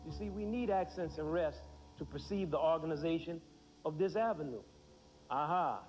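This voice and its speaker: A man's voice: fairly high pitch, moderate pace, a little mellow. A man in his thirties teaching a music lesson to children, asking the class questions and answering them himself. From United States. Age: 30s. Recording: dull 1990s TV broadcast.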